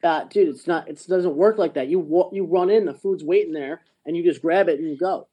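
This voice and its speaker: Male co-host, quick and profane, argumentative banter. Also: fairly high pitch, slightly rough, muffled recording. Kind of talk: casual chat.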